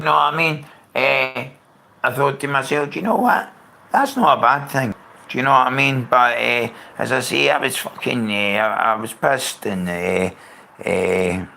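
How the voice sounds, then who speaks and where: A livestreamer talks casually and unscripted in a mid-range, creaky, bright voice with a forceful edge. He rambles, swears often, and greets his viewers by name.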